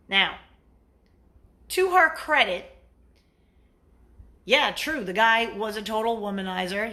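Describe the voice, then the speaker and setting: A woman's voice: mid-range voice, a bit bright. A woman dating coach giving blunt, profane relationship advice in a casual vlog monologue, acting out what partners say.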